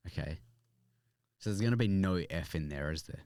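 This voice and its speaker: A low-voiced man hosts a podcast chat, his pitch swinging widely as he jokes and swears. The sound is dry and close, with no room around it. Quick laughs break up his talk. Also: expressive, a little mellow, clean tone, no room sound. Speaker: podcast host. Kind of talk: casual chat.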